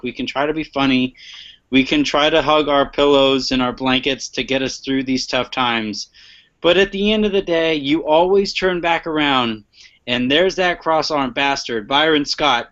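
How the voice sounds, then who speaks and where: A podcast host with a fairly high, slightly bright voice runs a casual sports show, joking and laughing a lot while stumbling over repeated words. The audio is a muffled, lo-fi online stream.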